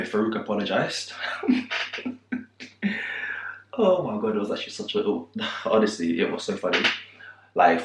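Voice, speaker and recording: A young man telling a storytime vlog in an animated, laughing, slangy way. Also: lowish voice. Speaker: vlogger. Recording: roomy echo.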